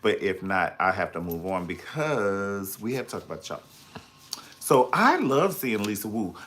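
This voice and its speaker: A man's voice: fairly low pitch, sing-song, normal speed, a bit bright. A man reviewing a reality show on a live stream, sassy and dramatic, calling out to viewers in the comments as he gossips. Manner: sassy, dramatic and gossipy, full of slang asides.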